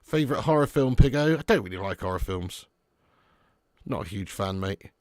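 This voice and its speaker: This young man's lowish voice moves at a normal speed as he hosts a live football watch-along, chatting easily, answering comments, and getting excited at the match. The recording is studio quality, without echo.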